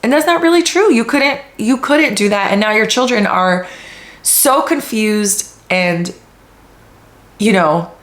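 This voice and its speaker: A woman podcast host talks in a blunt, opinionated way, swearing freely as she works through her points. Her voice sits at an ordinary middle pitch. The room around her adds a noticeable echo. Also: expressive, a little slow, a bit bright. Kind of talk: casual commentary.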